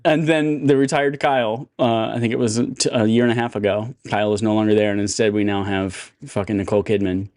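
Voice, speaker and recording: A man spinning loud, swear-heavy stories on a casual podcast. His voice sits at an ordinary pitch and comes across close and dry, with no room sound around it. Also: quick pace, few pauses, no echo. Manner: animated, profane storytelling. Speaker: podcast co-host. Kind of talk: casual chat, storytelling.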